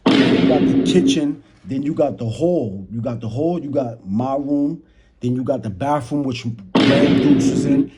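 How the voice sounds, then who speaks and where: A young man with a New York accent telling a casual storytime in slang, talking straight to his chat and acting out the moments. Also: mid-range voice. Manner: slangy, talks to chat, animated retelling. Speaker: storyteller vlogger. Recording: noisy background.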